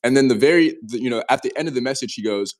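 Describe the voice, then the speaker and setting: A young man in his twenties spins a story in a casual interview, animated and earnest, voice sitting at an ordinary middle pitch. He trips over his words and restarts sentences as he goes. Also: very fast. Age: 20s. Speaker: interview guest.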